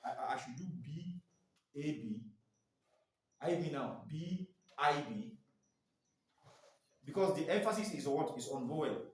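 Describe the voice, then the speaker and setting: A man's voice: on the high side, lively intonation, a little slow, long pauses. A man in his forties running a staff training, quizzing the group and spelling out letters one by one. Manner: quizzing, often ends phrases with a prompting "what?". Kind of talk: classroom training lecture. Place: indoor training room. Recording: echoey room, mic far off.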